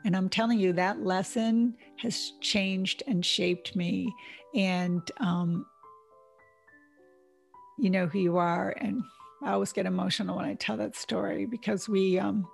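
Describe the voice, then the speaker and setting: A woman's voice: medium pitch, steady tone, a little slow, vocal fry, pauses often, faint music behind. A woman vlogger talking earnestly and emotionally to her viewers about compassion, getting teary as she speaks. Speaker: vlogger host. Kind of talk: heartfelt personal talk to camera.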